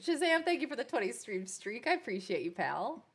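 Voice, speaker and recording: A woman's voice: on the high side, sing-song, moderate pace, hardly any pauses, a bit bright, breathy edge. A woman, chatting casually with viewers while streaming a game. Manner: chatty, rambling, playful with pets. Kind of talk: casual live-stream chat.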